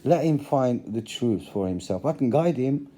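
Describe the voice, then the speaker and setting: A man's voice: mid-range voice, lively intonation, moderate pace, mellow. A middle-aged man giving a passionate monologue to camera, repeating phrases for emphasis. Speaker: religious vlogger.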